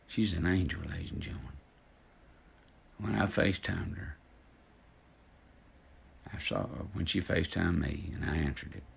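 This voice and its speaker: A man's voice: deep voice, moderate pace, creaky, long pauses, husky. A man in his fifties ranting indignantly to his online followers, preaching and calling people out directly. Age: 50s. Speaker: social media personality. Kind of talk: angry direct-to-camera rant.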